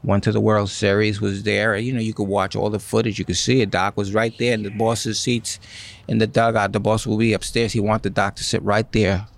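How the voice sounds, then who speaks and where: A man in his sixties, a guest in an interview, telling stories in an animated way and acting out what others said. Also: fairly low pitch, brisk, creaky. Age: 60s. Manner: animated, acts out quoted speech. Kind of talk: storytelling in an interview.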